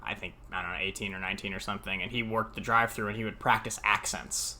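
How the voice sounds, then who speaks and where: A man's voice: lowish voice, quick pace, a little hiss or hum. A man in his thirties from the United States, co-hosting a podcast and telling stories in casual chat with frequent laughs. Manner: animated storyteller, laughs often. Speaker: podcast co-host.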